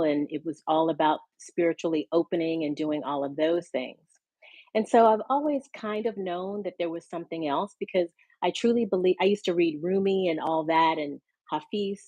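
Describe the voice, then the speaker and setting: A woman speaking as a podcast guest, telling her story in a reflective, unhurried way over a video call. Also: low voice, a little mellow, dry recording, lo-fi sound. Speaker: podcast guest and hypnosis practitioner. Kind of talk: casual conversational interview.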